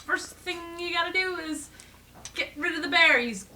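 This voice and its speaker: A woman's voice: very high-pitched, moderate pace, sharp tone, distant mic, a little hiss or hum, voice pushed up, heavily acted. A woman voicing a blunt male mole excavation expert while retelling a cartoon story at home. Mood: gruff.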